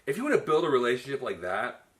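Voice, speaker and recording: A man's voice: mid-range voice, huge pitch swings, fast talker, a bit bright. A man hosting a casual film review chat, talking loosely with many restarts. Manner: chatty, many restarts and "you know". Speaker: film reviewer, show host.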